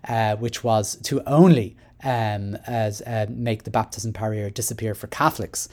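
A man's voice: fairly low pitch, steady tone, normal speed. An Irish man hosting a solo education podcast, talking in a chatty, rambling way with many fillers and restarts. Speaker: podcast host.

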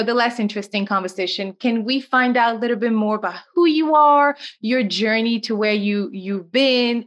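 A woman's voice: on the high side, fairly bright tone. A woman hosting a podcast, upbeat and bubbly, who laughs often while she chats with her guest. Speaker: podcast host. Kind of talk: podcast interview.

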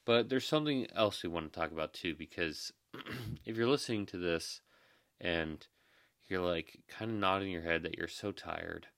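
Tired young guy podcasting, super low gravelly voice, dry close sound, earnest and rambly. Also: normal speed, fairly bright tone, no echo. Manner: earnest, reassuring, rambling with many fillers. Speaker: podcast host, emergency manager. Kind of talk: casual podcast monologue.

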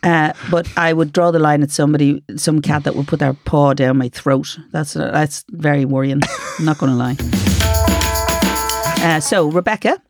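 A woman's voice: low-pitched, moderate pace, a little mellow, faint music behind. A middle-aged Irish woman co-hosting a podcast in casual, laughing chat. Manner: chatty, laughing, reads listener letters aloud. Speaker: podcast co-host.

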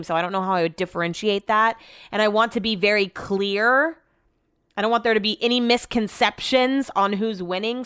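A woman's voice: mid-range voice, fairly bright tone, clear, resonant tone, dry recording, clean studio sound. A woman hosting a casual solo podcast, chatty and exasperated, swearing freely. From America. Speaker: podcast host. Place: small room at home.

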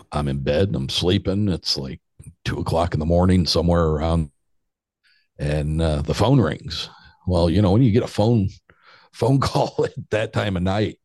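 A man in his fifties tells a long, rambling story as a podcast guest. His voice sits very low. The sound is dry and close, and he chuckles his way through the telling. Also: darkish tone, no echo. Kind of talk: casual storytelling.

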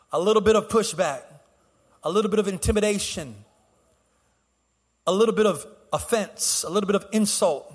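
A man preaching a sermon as pastor to his church, impassioned, swinging between soft and loud and repeating words. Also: high-pitched, slightly rough, long reverb tail. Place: church sanctuary.

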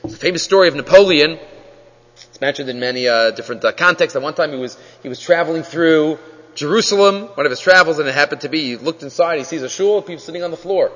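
A man teaching a Torah class as a rabbi, animated and full of questions. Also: on the high side, quick pace. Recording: dull lo-fi audio in a reverberant hall.

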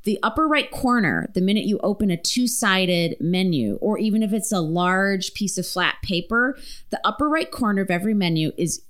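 A woman's voice: mid-range voice, lively intonation, moderate pace, a bit bright. A woman hosting a podcast in casual chat, talkative and swearing freely with lots of fillers. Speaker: podcast host.

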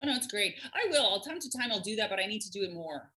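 A woman talking as a podcast guest in casual chat, animated, laughing often and swearing freely. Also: mid-range voice, quick pace.

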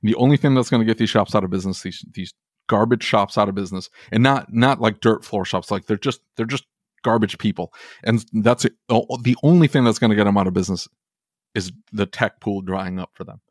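A man's voice: lowish voice, a little fast, no room sound, studio quality. A man co-hosting a podcast, talking in an exasperated, heated way and swearing casually. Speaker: podcast co-host. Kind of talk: animated ranting podcast conversation.

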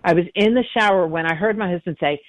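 A woman's voice: on the low side, fast talker, no echo. A middle-aged woman, a psychic medium, telling stories in a conversational interview and acting out the dialogue in them. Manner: animated, acts out dialogue in her stories. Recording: dry tinny phone-like line.

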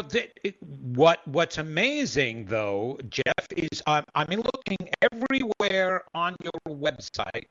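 A man's voice: on the high side, bright, forceful tone. A man hosting an interview, reacting with enthusiasm and rephrasing his questions. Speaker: interview host. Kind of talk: interview, conversational. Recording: somewhat dull lo-fi sound.

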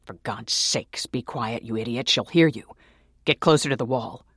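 A man's voice: medium pitch, moderate pace, fairly bright tone, husky, dry recording, studio quality. A man voicing a furtive, lecherous older man who hisses in a half-whisper, in a whispered role-play. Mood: angry.

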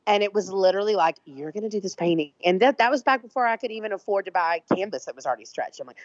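A woman's voice: medium pitch, lively intonation, rapid-fire, hardly any pauses, no room sound. A woman artist being interviewed, talking in a brash, emphatic, profane way. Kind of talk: casual conversational interview. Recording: dull lo-fi dry sound.

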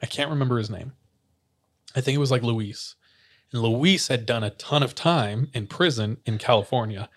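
A man's voice: medium pitch, normal speed. Young male podcast host, casual storyteller, chatty with fillers, laughs often.

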